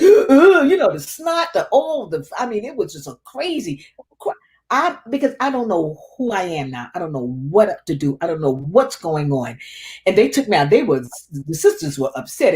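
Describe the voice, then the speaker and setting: A woman's voice: mid-range voice, a little mellow. A woman being interviewed, telling a painful personal story with feeling and often repeating words as she relives it. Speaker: interview guest.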